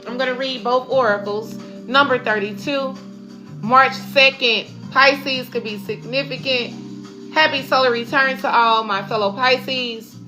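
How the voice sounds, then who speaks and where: A woman's voice: high-pitched, fairly even intonation, unhurried, bright, forceful tone. A woman giving an oracle card reading to her audience, emphatic and preachy, with casual slang. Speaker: spiritual reader. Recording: music playing behind.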